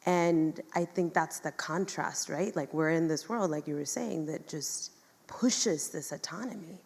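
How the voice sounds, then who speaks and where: A woman in a stage talk, speaking reflectively and softly to an audience. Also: low-pitched, a little slow, gravelly, in a large hall. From United States.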